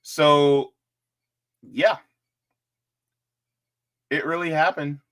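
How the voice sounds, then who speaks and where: A man's voice: a little high, drawn-out words. A man hosting casual political commentary, joking and talking straight to his viewers. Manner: joking, animated, talks to viewers directly.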